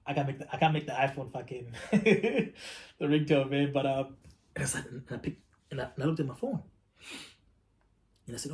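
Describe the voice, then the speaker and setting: Brief: casual male vlogger, mid pitch, candid and profane storyteller. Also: normal speed, pauses often, darkish tone. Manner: candid, profane, repeats himself.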